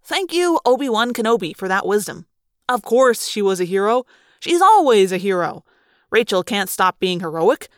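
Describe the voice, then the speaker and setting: A woman's voice: mid-range voice, big pitch swings, moderate pace, dry recording, studio quality, natural voice. A woman voicing a wisecracking teenage boy with a mocking, sarcastic delivery in an audiobook. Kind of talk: audiobook character reading.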